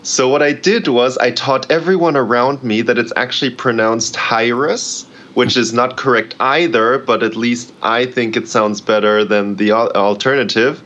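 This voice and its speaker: A man's voice: mid-range voice, a bit bright. A man as a podcast guest, explaining things in a thoughtful, easygoing way. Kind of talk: casual conversation. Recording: dull lo-fi sound.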